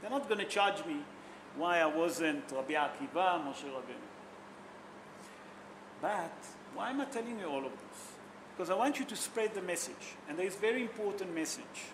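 High, bright-voiced rabbi giving a sermon. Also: male voice, expressive, moderate pace, a little hiss or hum. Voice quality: non-native English, simple grammar. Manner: emotional storytelling, asks the audience questions.

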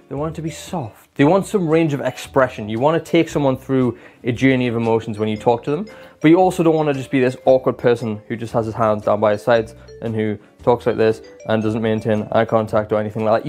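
A chatty male vlogger talks straight to camera, giving self-improvement tips in an easy, self-deprecating way. He shifts his voice up and down to show what he means, and his pitch sits in the ordinary middle range. Soft music plays faintly underneath. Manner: expressive, demonstrates voices and tones while explaining. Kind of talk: casual advice talk to camera.

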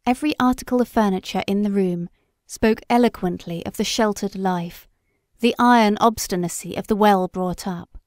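A woman narrating a classic story in a measured, steady storytelling voice. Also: mid-range voice, dry recording, studio quality. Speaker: audiobook reader. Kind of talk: scripted literary narration.

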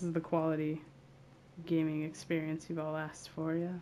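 A woman's voice: sits low, lively intonation, unhurried, long pauses, warm tone, a little hiss or hum. A woman giving casual let's-play commentary, playful and giggly as she chats to herself. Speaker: gaming video creator.

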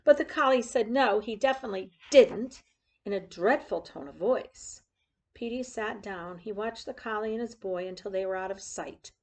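Speaking at a moderate pace and medium pitch, a woman reads a picture book aloud like an expressive storyteller. She points out the pictures as she goes.

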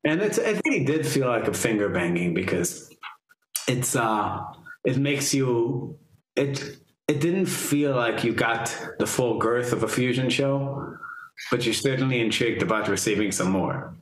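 A man's voice: mid-range voice, expressive, unhurried, reverberant, poor audio. A man hosting a podcast, chatting casually with crude jokes and lots of fillers. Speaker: podcast host. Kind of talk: casual chat.

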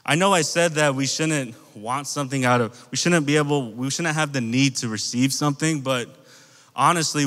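An American man, a youth pastor, addresses the kids of his youth group directly, preaching in a relaxed storytelling style. His mid-range voice is a bit bright, and long reverb from the large church youth hall fills the recording.

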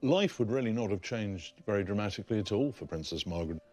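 A man's voice: on the low side, animated, quick pace, a little mellow, faint music behind. A man explaining archive documents as a historian, reading passages aloud.

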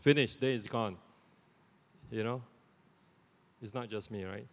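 A middle-aged man with a Singaporean English accent, giving a lay sermon in a conversational, animated way with lots of "you know" asides. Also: lowish voice, a little slow. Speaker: lay preacher. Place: church sanctuary. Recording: long church reverb.

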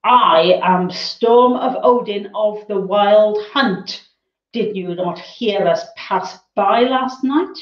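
A woman's voice: medium pitch, takes it slowly, natural voice. A woman voicing a proud, haughty young male storm hound pup, growling and indignant, in a children's book reading. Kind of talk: reading a children's novel aloud. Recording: roomy, dull lo-fi sound.

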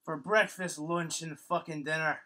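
A woman's voice: medium pitch, big pitch swings, fairly quick, a bit bright, slightly rough, full character voice. A woman playing an exasperated tall man. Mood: baffled. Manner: incredulous, swearing, indignant.

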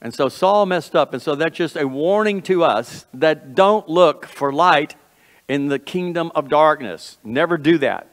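A man's voice: a little high, lively intonation, unhurried. Man preaching in a reverberant sanctuary. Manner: earnest, folksy preaching with repeated phrases and self-corrections. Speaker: pastor. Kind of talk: sermon. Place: church sanctuary.

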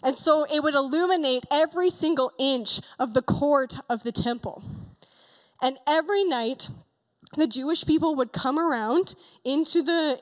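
A woman pastor delivers a sermon in a church sanctuary. Her voice sits high, and a long reverb trails her words through the hall. She retells the story vividly and breaks into excited asides.

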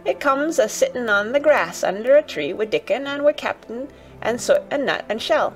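A woman's voice: fairly high pitch, lively intonation, moderate pace, faint music behind, voice pushed up, natural voice. A woman voicing a stubborn little girl who speaks broad Yorkshire in a playful, proud and teasing way.

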